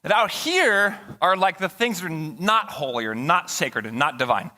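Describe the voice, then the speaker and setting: A man's voice: fairly high pitch, normal speed, in a large hall. A male pastor preaching a conversational sermon, joking and talking back and forth with his congregation in a church. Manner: animated, conversational, jokes with the congregation. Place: church sanctuary.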